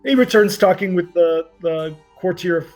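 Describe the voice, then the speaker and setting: A man's voice: sits high, moderate pace, darkish tone, soft background music. A man running a tabletop game as game master, narrating in a loose style full of fillers.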